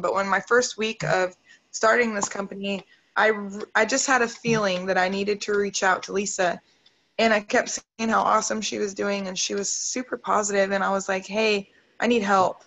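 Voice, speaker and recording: A woman's voice: medium pitch, fairly bright tone, low-quality recording. A woman hosting a motivational video call, upbeat and emotional as she talks straight to her group.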